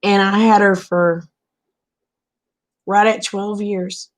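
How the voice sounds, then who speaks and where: A middle-aged woman tells a long, homespun story in a casual late-night vlog. Her pitch stays fairly level and even, and she keeps looping back through "he said" and "I said" as she goes. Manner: homespun, drawn-out storytelling with many "he said" asides. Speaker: vlogger.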